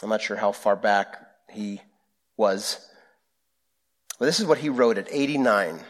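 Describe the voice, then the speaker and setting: Preaching in a fairly low male voice, this pastor phrases his sermon slowly and deliberately. His manner is earnest and prayerful.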